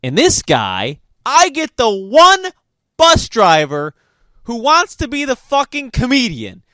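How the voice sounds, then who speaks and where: A man's voice: very high-pitched, wildly swooping pitch, takes it slowly, bright, forceful tone, dry recording, studio quality. A man hosting a podcast, telling a travel story in a casual monologue, swearing constantly and venting his frustration. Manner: profane, exasperated ranting. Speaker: podcast host.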